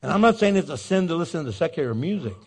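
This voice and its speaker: A man preaching a sermon, animated and jokey, acting out the scenes he describes. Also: on the high side, fast. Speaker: pastor.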